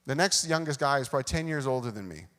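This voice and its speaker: Storytelling pastor in a reverberant hall. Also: male voice, medium pitch, fast talker. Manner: self-deprecating, animated storyteller acting out dialogue. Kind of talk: sermon with personal storytelling. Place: church sanctuary.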